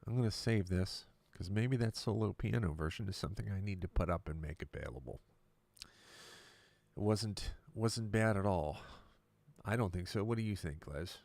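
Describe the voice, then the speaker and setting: A male musician and producer chatting casually on a live stream from his recording studio, relaxed and explanatory. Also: low voice, moderate pace, gravelly, no room sound.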